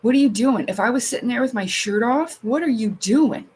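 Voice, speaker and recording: A woman's voice: on the high side, animated, a little fast, darkish tone, husky, poor audio. A woman hosting a casual livestream, chatting while she paints, rambling, swearing and exasperated, upset and close to tears. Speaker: livestream host.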